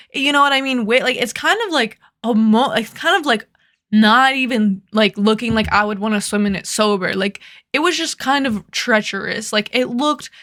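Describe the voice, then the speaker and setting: A woman's voice: on the high side, pushed and bright. A young woman telling a story to the camera, rambling and laughing, with lots of "like" fillers. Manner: rambling, laughing, heavy use of "like". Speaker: vlogger. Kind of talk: casual storytelling.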